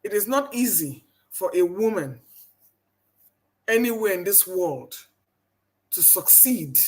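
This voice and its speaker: A woman's voice: medium pitch, expressive, slow, a little mellow, slightly rough. A woman from the American South with a Southern accent, speaking emphatically as a panelist in a live debate. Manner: emphatic, rising into laughing outbursts.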